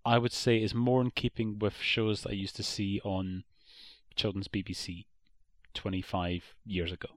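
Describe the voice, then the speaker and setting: A man's voice: fairly low pitch, little pitch movement, moderate pace, no room sound. Irish guy on a podcast, blunt and opinionated, dry close sound. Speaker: podcast co-host. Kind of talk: casual podcast review.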